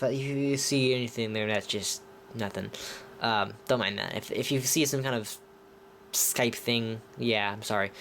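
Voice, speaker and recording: A man's voice: medium pitch, a bit bright, slight background noise. A man giving a casual movie review, rambling with many restarts and talking enthusiastically. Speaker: film reviewer.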